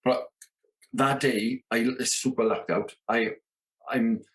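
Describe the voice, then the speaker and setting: A man in his thirties from Merthyr Tydfil in South Wales, a rock drummer guesting on a podcast, takes his time telling tour stories. His medium-pitched voice is steady and a bit bright, and he acts out the lines with plenty of "you know what I mean."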